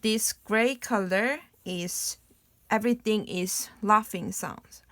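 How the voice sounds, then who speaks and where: In a dry recording, a young woman from South Korea with a mid-range, fairly bright voice and a Korean accent explains a beginner language lesson. She goes slowly and patiently, demonstrating playful laughing words in a sing-song way.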